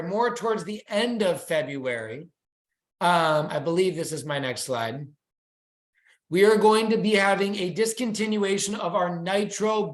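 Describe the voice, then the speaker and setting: Hyped up company update guy or gal, salesy, sounds like a video call in an echoey room. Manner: enthusiastic, excitable sales pitch. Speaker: company presenter. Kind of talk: weekly company update presentation.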